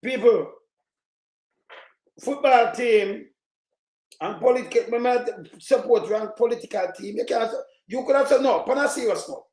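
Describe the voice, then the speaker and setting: A Jamaican man giving loud, mocking political commentary, often shouting. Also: very high voice, moderate pace, pauses often, roomy sound. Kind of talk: ranting commentary over clips.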